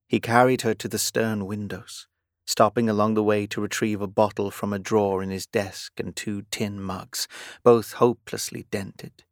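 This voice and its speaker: Male audiobook narrator, measured romance reading, monotone. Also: lowish voice, dry recording, studio quality.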